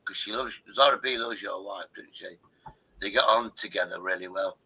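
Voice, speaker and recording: Sweary man, very bright voice. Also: lowish voice, fairly even intonation, brisk, husky, low-quality recording. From Derbyshire, England. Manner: rambling, sweary storytelling. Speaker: livestream host. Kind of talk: casual chat.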